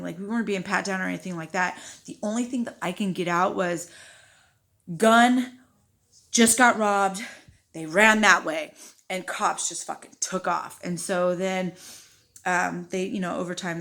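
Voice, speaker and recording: A woman in her thirties with a low, gravelly voice tells a personal story straight to camera. She swears freely and acts out the lines people said along the way. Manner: profane, animated retelling with quoted dialogue. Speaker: vlogger.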